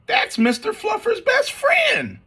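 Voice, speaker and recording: A man's voice: extremely high pitch, wildly swooping pitch, takes it slowly, sharp tone, pitched above the performer's own voice, exaggerated voice. A man putting on a dramatic little boy's voice. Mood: pleading. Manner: pleading, melodramatic. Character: dramatic little boy who hoards toys.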